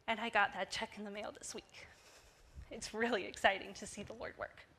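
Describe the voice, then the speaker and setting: A young woman in her twenties tells her personal testimony in church. She speaks in a bright, forceful tone at an ordinary pitch for a woman. She tells the story with lively energy. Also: moderate pace. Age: 20s. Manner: lively storytelling, acting out quoted dialogue. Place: church service.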